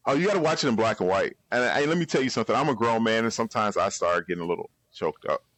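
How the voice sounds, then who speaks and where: A man's voice: fairly low pitch, expressive, very fast, fairly bright tone, no echo. A man co-hosting a podcast, enthusiastically chatting about a movie and tripping over his words. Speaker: podcast co-host. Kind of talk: casual movie chat.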